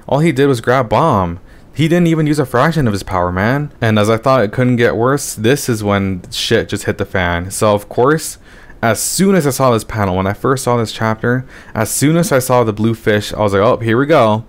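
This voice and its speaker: A man's voice: mid-range voice, lively intonation, normal speed. A man reviewing a webcomic chapter in a casual, exasperated rant, swearing often and tacking "man" and "dude" onto his sentences. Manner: exasperated, profane, ranting.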